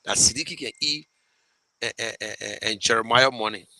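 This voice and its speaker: Emotional Liberian man, bright forceful voice. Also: fairly low pitch, fairly quick, poor audio. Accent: Liberian English. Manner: emotional, rambling, with many restarts and thanks. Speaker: show host fundraising for a campaign. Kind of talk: casual live talk to viewers.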